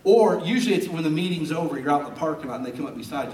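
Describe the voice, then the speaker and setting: A man preaching a sermon as a pastor, an animated storyteller who jokes as he talks, recorded in a church sanctuary. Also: on the high side, fast, hardly any pauses, a little hiss or hum. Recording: roomy and distant from the mic.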